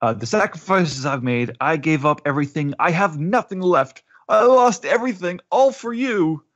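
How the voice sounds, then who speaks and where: A man's voice: fairly high pitch, animated, moderate pace, fairly bright tone, voice pushed up. A man voicing a heartbroken, desperate old man who begs and stammers, with dull lo-fi audio. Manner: sobbing, stammering pleas.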